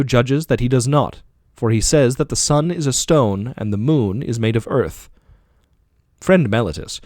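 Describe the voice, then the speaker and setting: A man's voice: medium pitch, a little mellow, no echo, clean studio sound, lightly acted. A man reading an ironic old philosopher. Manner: probing, rhetorical questioning. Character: aging male philosopher arguing in court, ironic. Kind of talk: audiobook dialogue reading.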